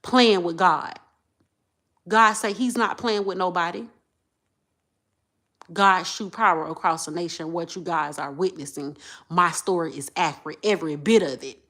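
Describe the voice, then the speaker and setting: In an emotional monologue to her audience, a woman vlogger keeps repeating herself, moving between quiet muttering and loud outbursts. She speaks a little slowly, with frequent pauses.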